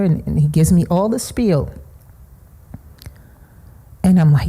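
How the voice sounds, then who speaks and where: A grieving middle-aged woman tells her story to a seminar audience, her voice very dark and low. She speaks in a slow, halting way and often falls into a husky whisper. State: grieving, emotional. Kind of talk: personal testimony talk.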